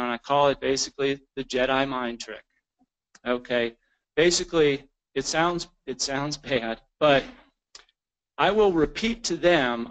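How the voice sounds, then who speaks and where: A man talking through a continuing education lecture at a middle pitch, loose and conversational. He stumbles and repeats words as he goes, and slips into the voices of clients and staff to show what they say. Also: a bit bright, rough recording. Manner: informal, repeats words, acts out quoted clients.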